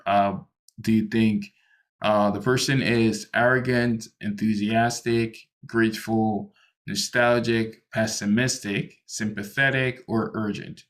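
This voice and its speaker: A man's voice: on the low side, steady tone, slow. A man teaching an online English lesson, patient and explaining with many ums and restarts, on a computer microphone. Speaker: English tutor.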